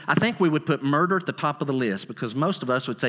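Man preaching a sermon, emphatic, bright and forceful voice, slightly high, long hall reverb. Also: fast, hardly any pauses. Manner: emphatic, rising to high excited bursts. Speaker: pastor.

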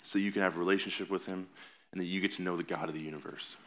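Pastor, male, very low voice, earnest conversational sermon delivery in a church. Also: fairly even intonation, rapid-fire, a bit bright. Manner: earnest, conversational preaching with rising emphasis. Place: church sanctuary.

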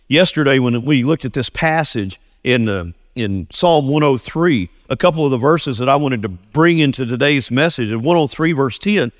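A pastor preaching in an earnest, animated voice that swings widely in pitch, slowing and sinking low on his key phrases. His voice sits a little high for a man, and the recording is dry and close, with no room sound. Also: dry recording. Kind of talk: sermon.

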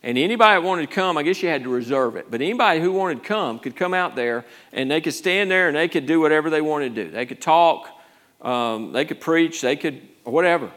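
A man's voice: on the high side, lively intonation, fairly quick, a bit bright. A male pastor preaching a conversational sermon, rambling through restarts and rising to urgent emphasis.

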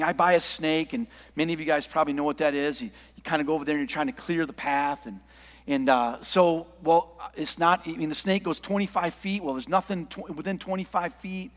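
A middle-aged male pastor preaching a sermon, telling a story and swinging from quiet asides to shouts. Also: fairly high pitch. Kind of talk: sermon with anecdote. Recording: long hall reverb.

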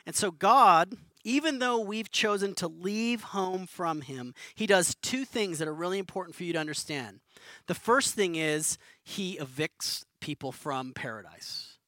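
A male pastor delivers an informal sermon in an earnest, everyday way, often doubling back and repeating words mid-thought. His voice sits a little high and sounds bright and forceful. The sound is dry and close. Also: dry recording. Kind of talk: conversational sermon.

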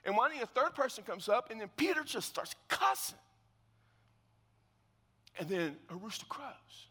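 A man preaching a sermon as pastor, telling a biblical story with animated, acted-out scenes and dropping to hushed tones for solemn points. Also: high voice, normal speed, breathy edge, big-room sound.

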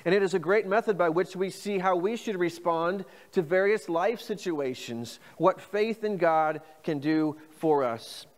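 A man preaching a sermon as pastor, reading scripture phrases slowly and inviting the congregation to repeat them. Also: sits high, big-room sound. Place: church.

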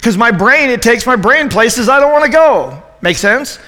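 A middle-aged man as youth pastor, giving an animated, joking sermon to a youth group and asking them questions. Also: very high voice, normal speed, long reverb tail.

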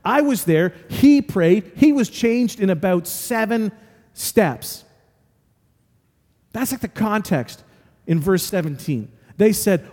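A man's voice: sits high, animated, takes it slowly, a little mellow. A male pastor preaching a sermon, telling stories earnestly and driving points home with repetition. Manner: earnest storytelling with emphatic repetition. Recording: long reverb of a large hall.

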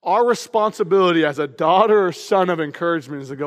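A man preaching a sermon as pastor, energetic and humorous in a conversational way. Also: fairly high pitch, fast. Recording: long hall reverb.

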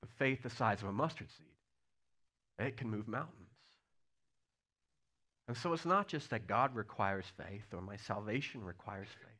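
Man, pastor, sermon, lively sing-song delivery, loud and soft swings. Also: on the low side, moderate pace, long pauses. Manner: animated storytelling preacher, swings between loud and hushed.

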